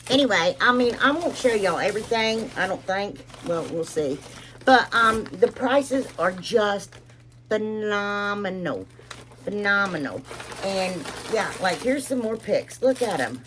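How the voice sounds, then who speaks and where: A woman's voice: mid-range voice, lively intonation, unhurried, a bit bright, a little hiss or hum. A woman, chatting casually to her viewers as she walks through a craft project and an unboxing, rambling from one thing to the next. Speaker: craft vlogger. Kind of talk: casual tutorial and unboxing chat.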